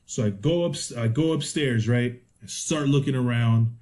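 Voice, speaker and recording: A man co-hosting a podcast, telling a profane story in casual chat and acting out the exchanges in animated bursts. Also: medium pitch, moderate pace. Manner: animated, swears constantly, acts out exchanges. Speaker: podcast co-host.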